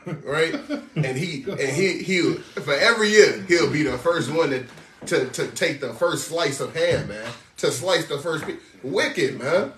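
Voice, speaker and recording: Street preacher, male, animated and slangy, fairly high voice, recorded far off in an echoey room. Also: a little hiss or hum. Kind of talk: sermon commentary on scripture.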